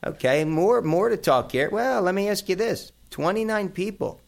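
A man's voice: sits high, lively intonation, moderate pace, gravelly. A middle-aged man hosting a casual chat, rambling through memories with plenty of fillers and asides. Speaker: host.

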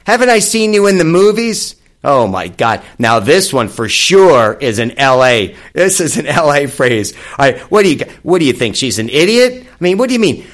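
A man giving a casual, sarcastic monologue on dating advice, mocking each line with emphatic scorn. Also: mid-range voice.

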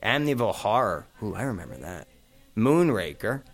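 A man's voice: on the low side, big pitch swings, brisk, gravelly. A middle-aged man hosting a casual chat, rambling through memories with plenty of fillers and asides. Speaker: host.

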